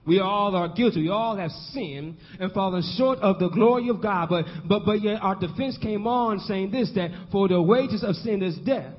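A man preaching a sermon in a rhythmic style, repeating phrases and building up to shouts, calling on the congregation. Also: sits high, normal speed, in a large hall, dull audio. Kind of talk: call-and-response sermon.

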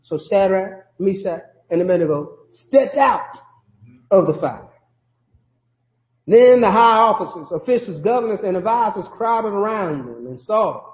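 High-voiced preacher in a roomy church. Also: male voice, lively intonation, measured pace. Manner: conversational preaching with call-outs and laughter. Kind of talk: sermon. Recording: roomy, dull lo-fi sermon audio.

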